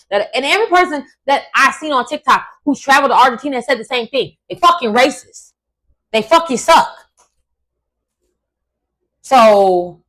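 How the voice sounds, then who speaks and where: A woman hosting a casual commentary vlog, ranting in an emphatic, profane and animated way. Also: a little high, poor audio. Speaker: host.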